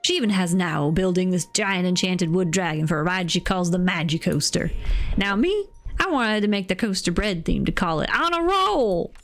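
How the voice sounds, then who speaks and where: A woman's voice: lowish voice, sing-song, normal speed. Chatty homespun villager, read by a woman. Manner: plain read-aloud of game dialogue.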